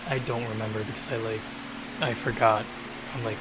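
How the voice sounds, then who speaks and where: A man's voice: fairly low pitch, little pitch movement, a little fast. A man with the hiccups, talking offhand and rambling to himself during a live coding stream. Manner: rambling, offhand, self-mocking. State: has the hiccups. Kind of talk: casual live-stream talk. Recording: loud hiss and air conditioning.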